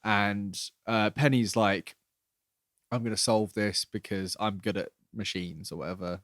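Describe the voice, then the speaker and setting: A man's voice: fairly low pitch, a little slow, no echo, clean studio sound. A man co-hosting a podcast, animatedly recapping a series and acting out quoted lines. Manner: animated, acts out quoted lines, swears freely. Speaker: podcast co-host. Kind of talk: casual chat recapping a series.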